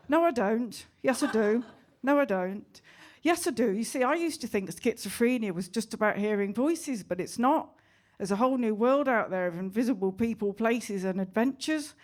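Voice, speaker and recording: A woman performing a deadpan stand-up set in a basement comedy club. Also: a little high.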